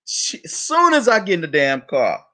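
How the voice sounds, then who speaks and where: A man telling a funny story in a casual chat, animated and profane, acting out other people's voices. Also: high-pitched, normal speed.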